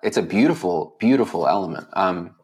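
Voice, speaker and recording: A man's voice: sits low, expressive, brisk, darkish tone. A man interviewing a guest in a casual, enthusiastic way, peppering his talk with "like". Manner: enthusiastic, heavy use of "like" fillers.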